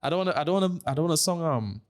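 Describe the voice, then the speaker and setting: A man's voice: fairly high pitch, lively intonation, racing. A man in his twenties with a Trinidadian accent, a streamer talking in a brash, slangy, emphatic way as a podcast guest. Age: 20s. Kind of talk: casual podcast conversation.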